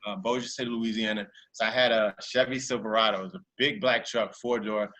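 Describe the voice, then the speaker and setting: Male podcast guest, casual and animated, tense bright tone. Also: lowish voice, brisk. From Virginia. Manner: animated storyteller who acts out voices in his anecdotes. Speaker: interview guest. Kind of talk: casual storytelling interview.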